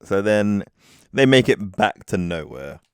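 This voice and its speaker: A man's voice: fairly low pitch, sing-song, measured pace, clear, resonant tone, no echo, clean studio sound. A man co-hosting a casual podcast, retelling movie scenes and acting out lines. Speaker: podcast co-host. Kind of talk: casual film review chat.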